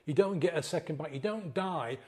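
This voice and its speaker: Emotional guy coaching folks, kinda high mellow voice, keeps going "yeah?". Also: a little fast. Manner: earnest, pleading, tags lines with "yeah?". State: emotional, near tears. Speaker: sobriety coach. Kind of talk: motivational talk to camera.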